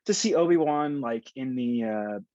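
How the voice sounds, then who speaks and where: A man's voice: mid-range voice, animated, moderate pace, warm tone, dry recording, dull audio. A man appearing as a podcast guest, talking in a rambling, heartfelt way with many fillers. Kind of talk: casual podcast chat.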